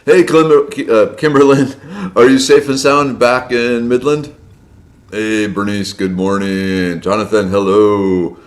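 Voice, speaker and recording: A man hosting a casual live stream from indoors at home, chatting and greeting viewers by name, his voice slightly hoarse. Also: on the low side, steady tone, takes it slowly. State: slightly hoarse from a long day of loud speaking.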